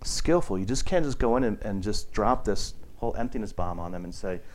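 A man's voice: fairly low pitch, lively intonation, fairly quick, a little mellow. A man giving a casual meditation teaching to a group, talking in a rambling way with many restarts and fillers, and acting out the people he quotes.

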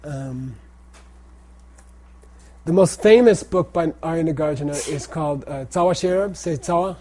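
This middle-aged teacher of Tibetan language and Buddhist texts has a warm, higher-leaning voice and lectures at a moderate pace. Going over pronunciation and texts, he tends to repeat himself and often asks the class "okay?"

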